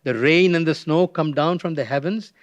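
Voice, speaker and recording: A man's voice: a little high, normal speed, dry recording, muffled recording. An older retired pastor preaching a guest sermon, telling a personal story in a conversational way and acting out the voices he quotes.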